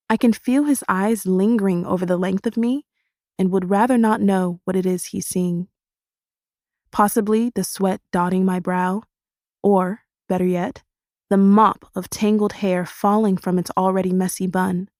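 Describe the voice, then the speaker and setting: A woman's voice: mid-range voice, steady tone, moderate pace, a little mellow, no room sound. Woman narrating an audiobook, dry close sound. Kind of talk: scripted first-person audiobook narration.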